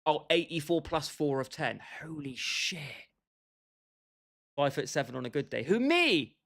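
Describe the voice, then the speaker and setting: A man's voice: on the high side, moderate pace, vocal fry, a bit bright. A young British man casually chatting with his livestream viewers, bantering with them by name and laughing often. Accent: British English. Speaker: streamer.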